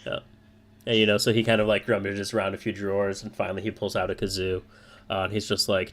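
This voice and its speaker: With a lowish voice and a fast pace, a man runs a tabletop roleplaying game as dungeon master. He keeps things relaxed and jokey, peppering his talk with plenty of fillers.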